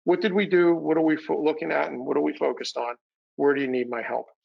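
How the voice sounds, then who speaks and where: A man's voice: fairly high pitch, steady tone, fast talker, creaky, highs cut off. A man giving a sales training webinar over a video call, a little winded, coaching with energy and acting out quoted dialogue. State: a little winded, recovering from illness. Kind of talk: webinar talk.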